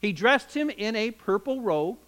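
A man preaching, his voice high and bright as he tells the story with drama and emphasis. His pitch swings widely, rising and falling with every turn. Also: lively intonation, measured pace, smooth, low-quality recording. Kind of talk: sermon.

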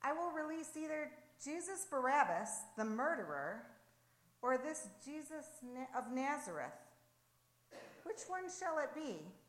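A woman's voice: mid-range voice, lively intonation, a little slow, hardly any pauses, a bit bright. A woman reading the part of a troubled, imperious male Roman governor, with raised, demanding questions. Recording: roomy echo.

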